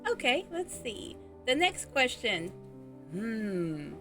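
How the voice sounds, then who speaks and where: A woman's voice: on the high side, expressive, moderate pace, sharp tone, faint music behind. A woman hosting a casual livestream chat, interviewing a guest, giggly and reading out chat messages. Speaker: streamer host interviewing a guest.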